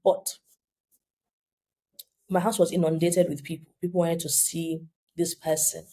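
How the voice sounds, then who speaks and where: A woman's voice: on the low side, flat delivery, measured pace, dark tone, husky. A woman in her thirties with a Nigerian accent, telling her story animatedly as a podcast guest and acting out the voices she quotes. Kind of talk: storytelling in an interview.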